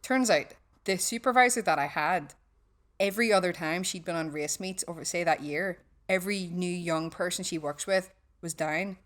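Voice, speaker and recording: A woman with a Northern Irish accent, telling swearing, lively stories in a casual podcast chat. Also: fairly low pitch, normal speed. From West Belfast, Northern Ireland. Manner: swearing storyteller, acts out quotes. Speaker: guest.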